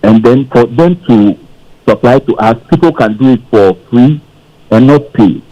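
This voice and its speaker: A man's voice: medium pitch, lively intonation, unhurried, mellow, lo-fi sound. A man calling a radio show and arguing his opinion emphatically. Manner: argumentative, emphatic. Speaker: caller. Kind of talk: call-in opinion.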